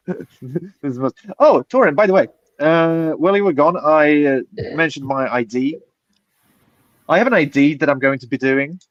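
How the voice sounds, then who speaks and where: A man's voice: fairly high pitch, normal speed, pauses often, no echo. A man hosting a casual livestream chat, rambling with lots of fillers and swearing freely. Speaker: podcast host. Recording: dull lo-fi dry sound.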